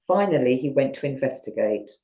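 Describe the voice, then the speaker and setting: A woman's voice: very deep voice, animated, brisk. Chatty Southern English woman storyteller. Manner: chatty, self-deprecating, greets viewers between readings. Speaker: storyteller on a live stream. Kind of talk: reading ghost stories aloud and chatting with viewers. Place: at home on a sofa. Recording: roomy, dull lo-fi stream audio.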